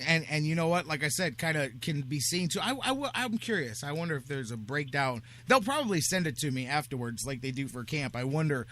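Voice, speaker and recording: A man hosting sports talk radio with a fairly high, bright and forceful voice. He talks casually, jokes around and drifts into quick asides. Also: expressive. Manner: chatty, joking, quick asides.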